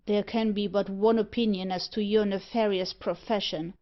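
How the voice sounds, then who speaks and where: A woman's voice: medium pitch, steady tone, moderate pace, close to an everyday voice. A woman voicing a pompous, easily frightened older male merchant in a storybook reading. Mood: stiff. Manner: indignant and stiff. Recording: muffled lo-fi audiobook recording.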